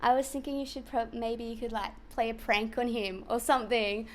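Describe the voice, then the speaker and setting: A woman's voice: on the high side, fairly even intonation, fairly quick, slight background noise. Eager young woman interviewer. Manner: eager, thankful, slightly nervous. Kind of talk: casual interview wrap-up. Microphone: handheld microphone.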